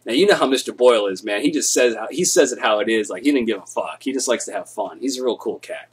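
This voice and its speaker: A young man on a live stream tells stories in a relaxed way, swearing a lot and getting loud when acting scenes out. His voice is mid-range and husky, and he talks quickly.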